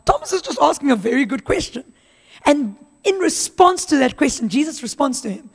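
Woman preacher, kinda high voice, chatty sermon, lots of echo like a big church hall. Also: big pitch swings, brisk. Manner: conversational, acts out Bible dialogue in voices. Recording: long hall reverb.

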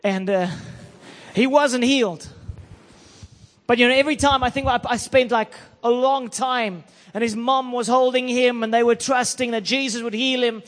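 A man preaching a sermon, telling an emotional story and building to loud declarations. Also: very high voice, fairly even intonation, normal speed, in a large hall.

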